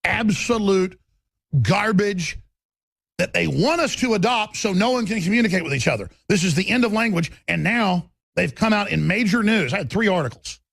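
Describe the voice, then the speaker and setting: A man's voice: high-pitched, expressive, moderate pace, vocal fry, fairly bright tone, dry recording. A man hosting a talk radio show, delivering a combative, emphatic monologue.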